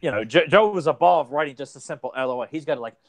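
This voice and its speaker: A man's voice: on the high side, fast talker. A man co-hosting a casual podcast chat, teasing his friends and mimicking them in mocking voices. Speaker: podcast co-host.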